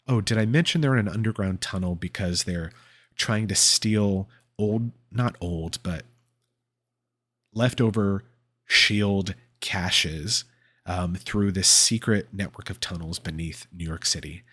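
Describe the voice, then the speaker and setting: A man's voice: deep voice, fairly bright tone, breathy edge. A man hosting a podcast, casually recapping a comic book and rambling with fillers and laughs. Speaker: podcast host.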